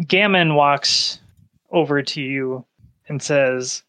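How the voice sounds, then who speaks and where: With a fairly bright, mid-range voice, a man runs a tabletop game and takes his time describing each scene in an easygoing manner as game master.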